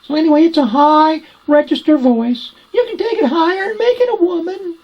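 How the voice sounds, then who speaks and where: A man teaching ventriloquism in a high falsetto voice. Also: a little fast, dull audio. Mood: explaining. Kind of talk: instructional demonstration.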